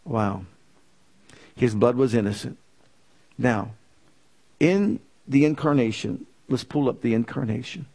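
A man preaching a sermon, reading scripture slowly and swinging between raised declarations and low, quiet asides. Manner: reads scripture with slow emphasis.

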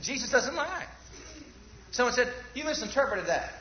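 A fervent preacher presses his listeners with question after question and asks for amens, speaking at a moderate pace in a very animated way. His high voice leaps widely in pitch, and the recording is very echoey, a bit dull and lo-fi, with slight background noise.

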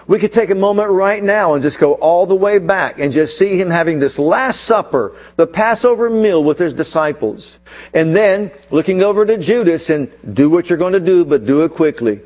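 Higher-voiced male preacher, dramatic pacing. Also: a little mellow. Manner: dramatic storytelling, slows for emphasis. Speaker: pastor. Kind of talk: sermon.

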